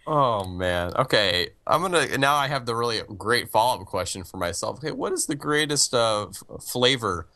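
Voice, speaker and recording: A man hosting a podcast, playful and quick to laugh in casual chat. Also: medium pitch, lively intonation, bright, forceful tone. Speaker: podcast host.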